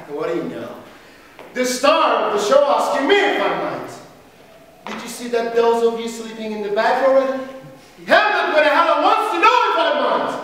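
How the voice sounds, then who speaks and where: A woman's voice: a little high, very animated, measured pace, pauses often, fairly bright tone. An actress playing a touchy young performer who snaps and sulks while insisting she is not angry. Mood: indignant. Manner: sulky, snappish. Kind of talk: amateur stage play. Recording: echoey hall from far off.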